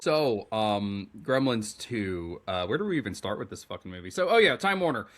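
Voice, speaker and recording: A man co-hosting a podcast in casual chat, animated and rambling, swearing freely. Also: on the low side, normal speed. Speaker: podcast co-host.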